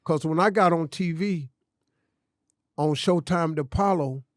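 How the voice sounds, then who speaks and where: A man's voice: a little high, a little slow, no echo, clean studio sound. A man telling a personal story on a podcast, emphatic and conversational, often saying "man". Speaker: podcast guest, comedian. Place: studio.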